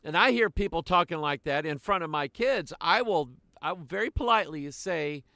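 An older man preaching a sermon in a slow, deliberate way, with frequent pauses. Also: fairly high pitch, animated, pushed and bright, no room sound, clean studio sound.

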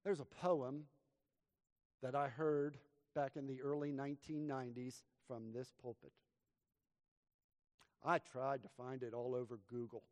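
A pastor preaching a sermon and praying from the pulpit of a church, with dramatic swings between loud emphasis and hushed, quiet lows. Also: male voice, flat delivery, measured pace, long pauses. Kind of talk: sermon and prayer. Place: church sanctuary. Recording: long hall reverb from church.

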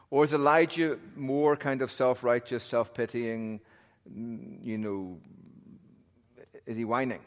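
Preaching at a moderate pace, this male pastor has a mid-range voice and works through an expository sermon in a conversational, reflective manner. He often poses rhetorical questions, and a big hall's long reverb surrounds his words.

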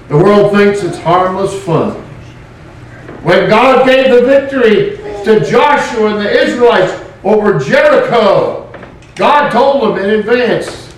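A man's voice: high-pitched, slow pace, a little hiss or hum. Preacher man in a very echoey room. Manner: animated, with joking asides. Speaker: pastor. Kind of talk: sermon. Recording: very echoey room, mic far off.

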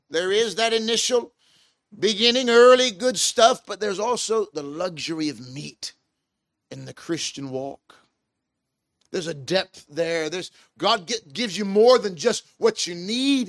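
High-voiced preacher, emphatic. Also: male voice, a bit bright, no room sound, clean studio sound. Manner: emphatic, rising and falling preaching delivery. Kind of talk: sermon.

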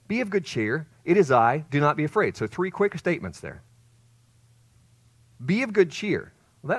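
Expressive male preacher, dry sound. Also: no room sound. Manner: expressive, rises to loud emphasis then drops low. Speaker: pastor. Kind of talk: sermon.

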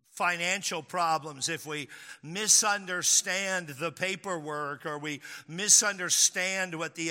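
A man preaching to his congregation in an easy, storytelling way. His voice is very bright and sits a little high. The sound carries a long reverb from the hall. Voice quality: conversational, storytelling with acted quotes. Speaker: pastor. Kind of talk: sermon.

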